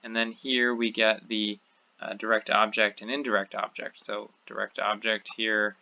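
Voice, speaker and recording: A man's voice: lowish voice, pushed and bright. A man teaching a recorded lecture, working through examples step by step and repeating key words. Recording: dull lo-fi recording.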